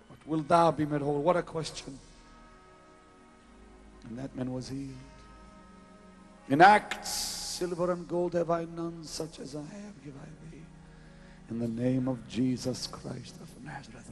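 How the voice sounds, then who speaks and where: Slow dramatic preacher man, soft music. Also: a little high. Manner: dramatic swings from loud exclamation to hushed whisper; slow, drawn-out delivery. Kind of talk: revival sermon. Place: large arena crusade. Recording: 1990s live event recording with faint music.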